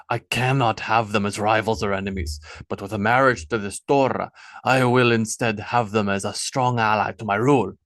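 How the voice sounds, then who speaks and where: A man's voice: fairly low pitch, fairly bright tone, no room sound. A man voicing a stern, ambitious Viking king in an audiobook, speaking in a blunt, commanding way.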